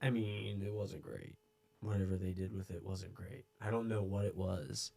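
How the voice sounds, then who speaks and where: A man co-hosting a casual podcast with an easygoing, teasing manner. His voice sits on the low side, and he chats in a relaxed, friendly way. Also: moderate pace, creaky. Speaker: podcast co-host. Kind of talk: casual chat.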